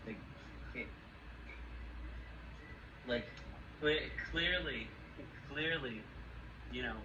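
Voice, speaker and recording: A man's voice: medium pitch, muffled recording. Man, placating mediator with lots of filler, distant and echoey, noisy background. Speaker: colleague mediating a meeting. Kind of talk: heated workplace meeting. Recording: echoey room, distant mic, background noise.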